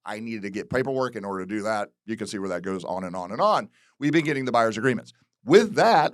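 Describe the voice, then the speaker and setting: Plainspoken Florida real estate broker. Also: male voice, mid-range voice, no echo, clean studio sound. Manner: candid, repeats phrases, frequent restarts. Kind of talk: casual commentary. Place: real estate office video.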